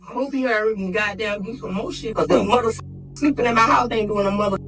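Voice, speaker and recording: A woman's voice: a little high, quick pace, far from the mic, over music, poor audio. A woman arguing with her husband in a taunting, confrontational way, cursing often. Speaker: wife in a divorce argument. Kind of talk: heated argument.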